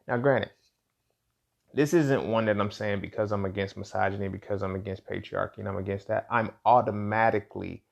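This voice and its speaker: Low gravelly man musing in slang. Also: highs cut off. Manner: casual, slangy, frequent "you feel what I'm saying"; repeats words and restarts while thinking aloud. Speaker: podcast host. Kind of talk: solo commentary monologue.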